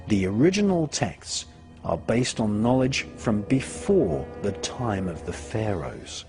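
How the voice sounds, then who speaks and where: Man, documentary voice-over, low voice, very slow, expressive pitch, clear music underneath. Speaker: documentary narrator. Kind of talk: scripted documentary narration.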